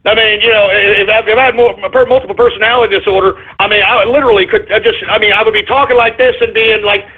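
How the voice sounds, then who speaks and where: A man's voice: sits high, steady tone, fast, few pauses, breathy edge. A male radio host ranting in a combative monologue, hammering points home through emphatic repetition. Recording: tinny phone-like radio audio.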